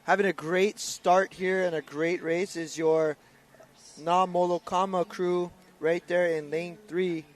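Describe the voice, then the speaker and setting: A man's voice: high voice, little pitch movement, slow. A man with a slightly raised voice does live sports commentary on a canoe race. He sounds upbeat as he runs through the lanes and crews.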